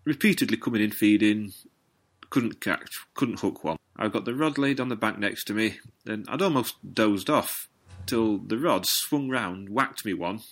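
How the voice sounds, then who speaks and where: A man's voice: fairly low pitch, normal speed. A Northern English man chatting casually about fishing, telling stories in a dry, understated way. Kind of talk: casual chat.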